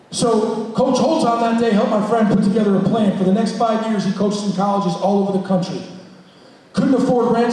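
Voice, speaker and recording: High-voiced man speaking in an echoing hall. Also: darkish tone. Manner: plain-spoken, addresses the audience directly. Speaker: school guidance counselor and coach. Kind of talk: motivational storytelling talk to students. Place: large school hall with an audience. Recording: echoey hall, voice from far off.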